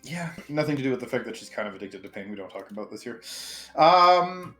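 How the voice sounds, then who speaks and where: A man's voice: medium pitch, expressive, brisk, a bit bright. Chill guy running a tabletop game, mid voice, casual, faint music behind. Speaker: game master.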